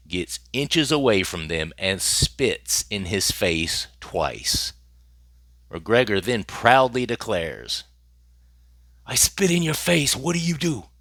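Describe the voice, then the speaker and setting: A man's voice: low voice, sharp tone, no echo, clean studio sound. A man hosting his own channel, commenting on celebrity news in a casual, emphatic way and repeating phrases for effect.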